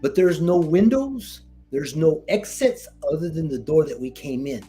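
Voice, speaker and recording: Man, veteran guest, animated storyteller, slangy, faint background music. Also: fairly high pitch, normal speed. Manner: animated retelling, slangy, acts out quoted dialogue. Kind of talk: casual storytelling interview.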